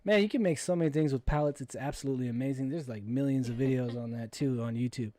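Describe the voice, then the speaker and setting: A man's voice: mid-range voice, fast, mellow, dry recording. A man hosting a casual livestream, reading viewer comments aloud and answering them in an easygoing way. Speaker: livestream host.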